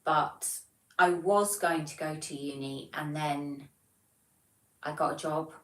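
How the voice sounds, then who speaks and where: Woman, 40s, Devon accent, deep voice, roomy sound, a bit off-mic, relaxed chat. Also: slow pace, far from the mic. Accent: Devon English. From England. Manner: chatty and self-deprecating. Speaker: livestream host. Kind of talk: casual chat reading viewer comments.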